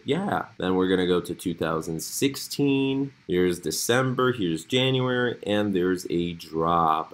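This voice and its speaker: Man, low voice, crypto commentary, lively swings in pitch, casual chart talk. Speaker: crypto channel host.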